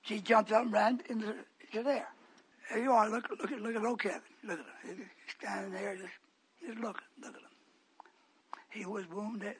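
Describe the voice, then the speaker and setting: A man, likely older, preaching a storytelling sermon, swinging from quiet asides to shouted outbursts. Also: sits high, fairly even intonation, moderate pace, breathy edge.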